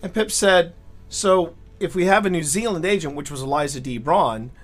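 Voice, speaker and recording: A man co-hosting a writing stream, telling stories in a lively, animated way and often stumbling over and repeating his words. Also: a little high, normal speed, soft background music. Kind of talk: casual live-stream chat.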